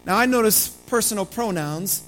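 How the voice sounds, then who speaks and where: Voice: expressive, normal speed, faint music behind, poor audio. Dramatic preacher retelling a bible story. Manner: dramatic storytelling, swings from loud emphasis to hushed low delivery. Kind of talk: sermon told in first person as a biblical prophet.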